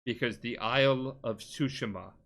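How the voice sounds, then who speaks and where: A man's voice: mid-range voice, moderate pace, creaky, a bit bright. A tipsy man rambling through a game plot on a casual podcast, full of filler words and restarts. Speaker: podcast co-host.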